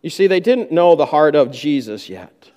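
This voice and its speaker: A man's voice: fairly high pitch, very animated, normal speed, dark tone, long reverb tail. A man preaching a sermon, who acts out the disciples' complaints in a raised voice. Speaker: pastor.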